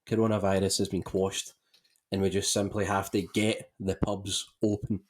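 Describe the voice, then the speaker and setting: Guy on the call, kinda low voice, hams it up mock-epic. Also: little pitch movement, moderate pace. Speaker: co-host. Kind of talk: casual chat.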